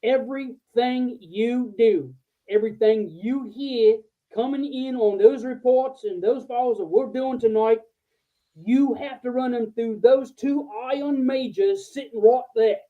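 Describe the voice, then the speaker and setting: A man's voice: extremely high pitch, unhurried, voice pushed up. A man doing a barking Australian general. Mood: commanding. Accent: Australian, done badly. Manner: barking orders to a whole room. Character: stern, huge Australian three-star general, man. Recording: tinny phone-like line.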